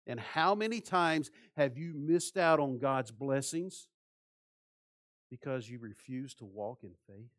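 A man preaching a sermon with passion, asking rhetorical questions and swinging between soft, hushed phrases and loud ones. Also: mid-range voice, takes it slowly. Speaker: pastor.

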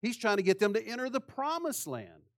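Guy preaching a sermon, kinda high voice, fired up, lots of "how many times" questions, goes quiet then loud. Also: big pitch swings, fairly quick. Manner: impassioned, with many rhetorical questions and swings between soft and loud. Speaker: pastor.

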